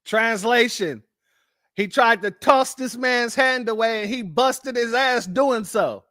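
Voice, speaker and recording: High-pitched male commentator, casual reaction host, laughs a lot, dry close sound. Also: takes it slowly, bright, forceful tone, no echo. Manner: laughs often, addresses viewers as family.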